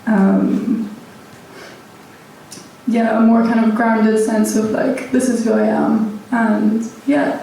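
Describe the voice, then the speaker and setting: A woman moderating a panel, speaking gently and hesitantly. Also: a little high, little pitch movement, takes it slowly, gravelly, pauses often, a little hiss or hum. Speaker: panel host. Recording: echoey hall from far off.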